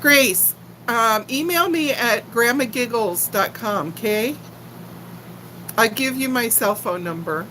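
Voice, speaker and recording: A woman's voice: fairly high pitch, expressive, takes it slowly, sharp tone, a little hiss or hum, low-quality recording. An older woman from Texas with a faint Texan accent, chatting casually and giggling with viewers on a livestream. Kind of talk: casual live chat.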